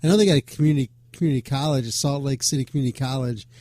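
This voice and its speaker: A man's voice: mid-range voice, racing, warm tone, no room sound. A man hosting a rock radio show, talking in a loose, joking way and swearing freely. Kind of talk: casual rambling chat.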